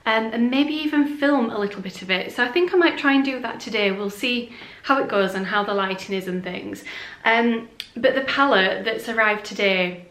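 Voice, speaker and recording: A woman's voice: a little high, a bit bright, reverberant. A woman from the UK chatting casually to camera as a beauty vlogger at home, gushing and filling her talk with ums and likes. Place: room at home.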